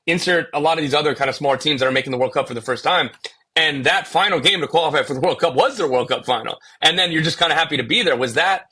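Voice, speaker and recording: Young man, podcast host, husky voice, bright tone, fillers and restarts. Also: fairly high pitch. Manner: filler-heavy, restarting sentences. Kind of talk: casual podcast conversation.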